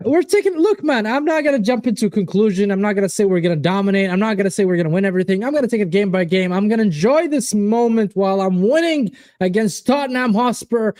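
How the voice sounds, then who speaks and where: A man hosting a live football watchalong, reacting to the match and chatting to viewers in an excitable, casual way. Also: high-pitched, dry recording. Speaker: watchalong host. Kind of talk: live fan reaction commentary.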